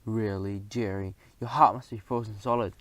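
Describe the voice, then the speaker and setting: A man reading an audiobook, voicing the narrator's grown sister, a brisk, teasing and bossy female mouse. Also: mid-range voice, animated, close to an everyday voice. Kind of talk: audiobook character voice.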